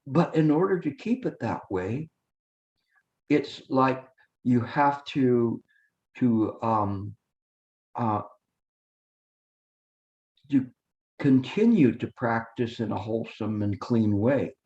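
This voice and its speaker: A man's voice: mid-range voice, slow pace, long pauses, darkish tone. A male meditation teacher giving a dharma talk, earnest, repetitive and coaxing, on a dull lo-fi recording.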